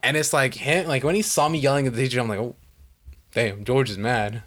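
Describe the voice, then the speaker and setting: A young man telling stories in casual chat, animated and swearing a lot, acting out what people said. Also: medium pitch, brisk. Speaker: podcast co-host.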